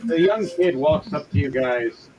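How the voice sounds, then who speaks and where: A man narrating a tabletop game as game master, in a loose, crude and joking way. His voice sits a bit high. Music plays clearly in the background. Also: expressive, measured pace, low-quality recording.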